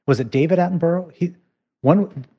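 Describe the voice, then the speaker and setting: A man's voice: fairly high pitch, brisk, breathy edge, dull audio. A man appearing as a guest on a podcast in casual chat, rambling and restarting with many fillers.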